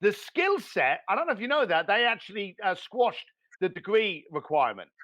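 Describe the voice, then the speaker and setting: A man giving blunt, animated business advice as a podcast guest, swearing now and then. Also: sits high, moderate pace. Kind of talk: motivational business talk.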